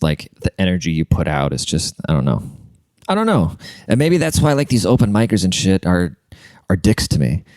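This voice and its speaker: A man hosts his podcast and rambles through crude comedic stories, leaning on "like" as he goes. His voice sits a little low with a warm, dark tone. The sound is dry and close, with no room around it. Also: clean tone, no room sound. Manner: rambling and crude, heavy use of "like". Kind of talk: casual comedic storytelling.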